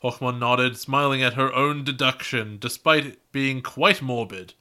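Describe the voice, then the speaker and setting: A man's voice: mid-range voice, steady tone, measured pace, pushed and bright. A man co-hosting a podcast, reading a story aloud and breaking off to tease his co-host, laughing mid-sentence.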